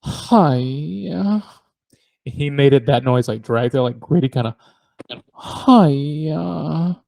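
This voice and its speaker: A middle-aged man with a drawl, telling long rambling stories on a podcast. He laughs a lot and acts out the noises in his tales. His voice sits at a medium pitch and sounds dry and close to the mic. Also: steady tone, a little fast, mellow, no room sound. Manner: rambling storyteller, laughs often, mimics noises. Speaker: podcast co-host. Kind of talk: casual chat.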